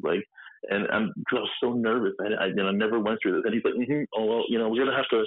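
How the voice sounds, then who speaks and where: A man in his thirties telling his story in a candid interview, halting and full of fillers, acting out the people he quotes. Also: fairly low pitch, husky, dry recording. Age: 30s. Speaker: guest. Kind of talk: candid interview over a phone line. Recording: tinny phone-line audio, dry.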